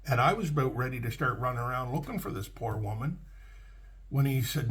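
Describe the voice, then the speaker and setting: Middle-aged trucker, folksy storyteller, mid-pitched, restarts a lot. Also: male voice, expressive, brisk, a bit bright. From Canada. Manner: folksy, plainspoken, with frequent restarts. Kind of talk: casual spoken storytelling.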